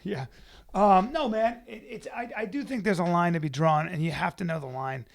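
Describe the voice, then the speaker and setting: A man co-hosts a casual podcast, his voice sitting a bit high with a gravelly edge. He tells loud, laughing stories. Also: moderate pace. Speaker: podcast co-host. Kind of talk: casual chat.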